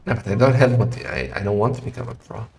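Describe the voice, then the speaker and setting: A man casting a live strategy game match in a chatty style that rises to excited shouting in fights. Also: mid-range voice, fast, gravelly, a little hiss or hum. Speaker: game caster. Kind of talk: live esports commentary. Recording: roomy echo with faint music.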